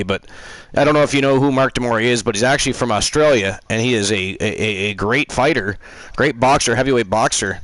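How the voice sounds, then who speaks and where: A man's voice: mid-range voice, a bit bright, no room sound, poor audio. A man hosting a live stream, teasing and rambling through casual banter. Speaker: host.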